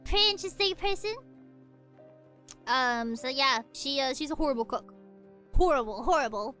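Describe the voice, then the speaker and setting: A young woman streaming a game from home, telling rambling stories in a casual, animated way. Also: sits high, moderate pace, faint music behind. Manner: animated rambling storytelling with frequent laughs. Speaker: VTuber streamer. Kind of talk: casual chat while playing a game.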